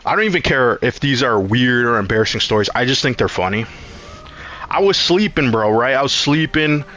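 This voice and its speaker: Excitable young man telling a story. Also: mid-range voice, a little fast. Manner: loose, profane and rambling, often acting out his own lines. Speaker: streamer. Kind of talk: casual live-stream storytelling.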